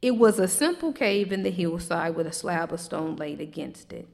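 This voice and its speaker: A woman preaching a sermon, swinging between loud, emphatic questions and quiet, low reflection. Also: expressive, normal speed, vocal fry. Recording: long hall reverb.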